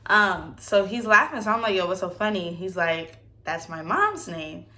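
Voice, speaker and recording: Bright-voiced young woman telling stories. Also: mid-range voice, moderate pace. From United States. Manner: animated, acts out quoted voices, laughs often. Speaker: vlogger. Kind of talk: casual storytelling Q&A vlog.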